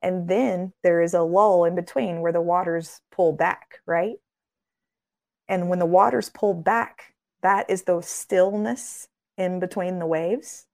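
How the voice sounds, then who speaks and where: A woman speaks as a guest on a faith podcast in an earnest, sermon-like way. Her voice sits a little low. She builds her points through rhythmic repetition and acts out quoted voices in a raised tone. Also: steady tone, slow, gravelly, darkish tone. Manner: earnest, preacherly, builds in repeated phrases. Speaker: podcast guest, ministry founder.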